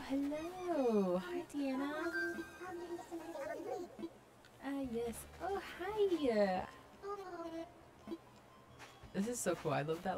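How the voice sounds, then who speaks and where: A young woman casually commenting as she tours a video game island, gushing and gasping with excitement. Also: medium pitch, creaky. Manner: gushing, excited, lots of gasps and "oh my God". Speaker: gaming vlogger touring a fan-made island.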